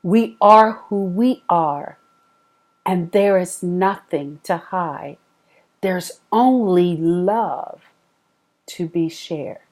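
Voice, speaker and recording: A woman's voice: on the low side, a little mellow. A woman giving a heartfelt spiritual tarot reading, talking about love and sacred places. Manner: slow, heartfelt and emotional. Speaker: tarot reader.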